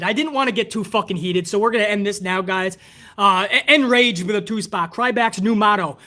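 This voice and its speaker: American guy ranting about wrestling on a stream, swears a lot, gets heated, rambles on between donation shoutouts. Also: high-pitched, fairly quick. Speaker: wrestling podcast host. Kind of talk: casual livestream commentary, reading donations.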